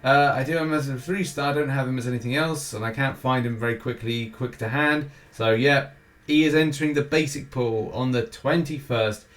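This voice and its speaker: A British man hosts a weekly gaming show, rambling casually through the schedule with jokey, self-mocking asides. His mid-range voice is steady and fairly bright, delivered fairly quickly.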